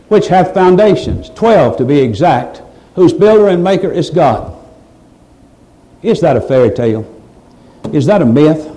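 Mellow-voiced male preacher, fiery sermon. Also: on the high side, rough recording. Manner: preaching with rhetorical questions, rising to emphatic shouts. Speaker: pastor.

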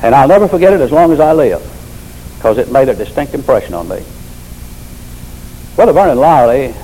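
Older preacher man, folksy and mellow. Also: fairly high pitch, a little hiss or hum, rough recording. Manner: folksy storytelling, emphatic repetition. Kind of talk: sermon.

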